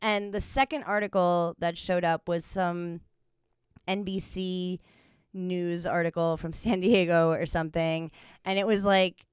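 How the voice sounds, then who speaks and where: Young woman co-host, loose giggly chatter, crisp voice, dry room. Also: fairly low pitch, steady tone, unhurried, dry recording. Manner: rambling, giggly, lots of fillers. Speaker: podcast co-host. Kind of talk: casual chat.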